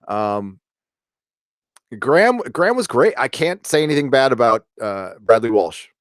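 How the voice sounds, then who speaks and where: A man's voice: medium pitch, no room sound. Middle-aged man, casual livestream host, rambling with lots of uhs, dry close mic. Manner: rambling, many fillers and restarts. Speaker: livestream host reading chat. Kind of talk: casual live chat.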